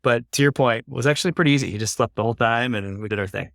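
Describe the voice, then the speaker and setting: Podcast guest, thirties, reflective and conversational, mid-pitched, dry. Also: male voice, fast talker, vocal fry, fairly bright tone, dry recording. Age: 30s. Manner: earnest, reflective, uses "like" often. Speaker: podcast guest, climate investor. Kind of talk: casual conversation.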